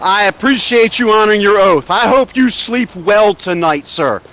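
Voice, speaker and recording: Outdoors beside a road, a man films and protests police officers, indignant and sarcastic, lecturing them in a confrontational street recording. His voice is high-pitched and fairly bright at a normal speed.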